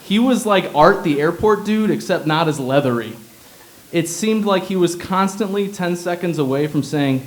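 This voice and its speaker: A man's voice: high-pitched, expressive, normal speed, slight background noise, poor audio. A young man from Illinois reading his own humorous personal essay aloud in a wry, sardonic tone. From Illinois, USA.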